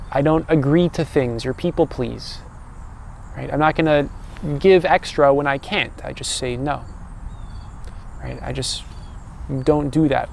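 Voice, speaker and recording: Gravelly young man musing calmly. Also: medium pitch, a little hiss or hum. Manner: calm, loose, many "right?" tags and restarts. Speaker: personal growth coach. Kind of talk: casual reflective monologue.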